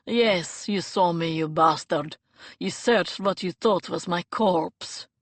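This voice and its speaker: A woman voicing a man returned from the dead in an audiobook, calm and controlled with quiet fury. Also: fairly low pitch, slow, no room sound. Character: brother back from the dead, calm and furious.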